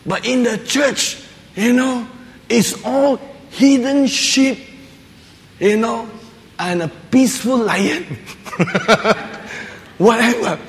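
High-voiced man preaching in a hall. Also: very slow, pauses often. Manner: chuckles often, acts out little voices in his stories. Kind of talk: humorous sermon. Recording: long reverb of a large hall.

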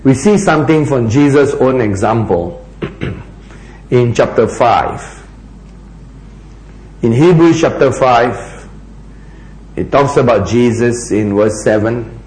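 A man preaching a sermon, asking rhetorical questions and dropping to a hushed voice for emphasis. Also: mid-range voice, lively intonation, slow pace, long pauses, echoey room, poor audio.

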